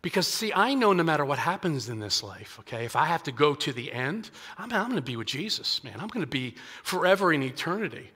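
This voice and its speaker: A male pastor gives a conversational sermon, often restarting phrases and slipping into the voices of scripture figures. His voice sits a little high and sounds bright and forward. The sound carries the long reverb of a church sanctuary. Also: very animated, fairly quick, hardly any pauses, slightly rough. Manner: conversational preaching with frequent restarts and acted-out quotes.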